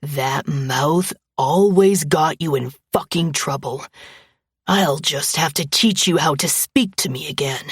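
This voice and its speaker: A woman's voice: low-pitched, takes it slowly, breathy edge, no echo, clean studio sound, voice pushed down, heavily acted. A woman putting on a growling, menacing abusive ex. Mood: snarling. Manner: growling, threatening, sneering. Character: menacing abusive young male ex-boyfriend.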